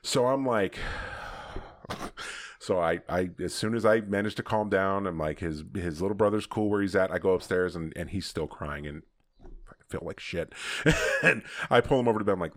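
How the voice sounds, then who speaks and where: Deep-voiced man with a lively, swinging delivery. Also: moderate pace. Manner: candid storytelling with laughs. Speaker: podcast host. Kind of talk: casual conversation.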